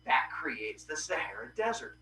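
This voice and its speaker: Guy casually telling old myths, bright voice, kinda echoey and off mic. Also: on the high side, normal speed, far from the mic, soft background music. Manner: animated, acts out characters' cries. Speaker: podcast host.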